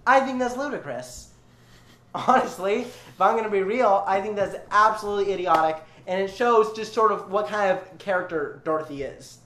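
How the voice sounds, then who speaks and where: A man's voice: sits high, normal speed, a bit bright. Tipsy sarcastic young man, echoey room. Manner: sarcastic, profane, rambling. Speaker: storyteller. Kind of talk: drunken comedic retelling.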